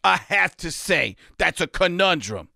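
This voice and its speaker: A blustering sports pundit, voiced by a comedian, piles big words on big words with pompous gravity. The voice sits high and bright and rings loud. The recording is dry and close. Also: male voice, sing-song, measured pace, creaky, dry recording, exaggerated voice. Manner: pompous, loud, long-winded. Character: bombastic male sports pundit spouting fake science.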